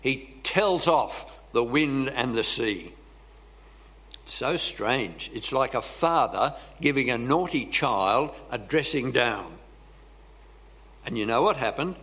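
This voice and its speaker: A man preaching a sermon slowly and deliberately, pausing for emphasis and clearing his throat often. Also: mid-range voice, lively intonation, pushed and bright. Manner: slow, deliberate preaching with dramatic pauses.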